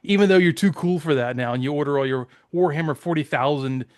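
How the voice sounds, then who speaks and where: A man's voice: on the high side, fast talker. A man co-hosting a casual podcast, musing in a rambling, reflective way. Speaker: podcast co-host. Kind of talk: casual chat.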